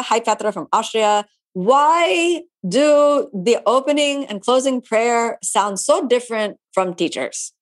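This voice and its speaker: A woman yoga teacher answering viewer questions in a live online session. She talks in a relaxed, chatty way with many asides. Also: fairly high pitch.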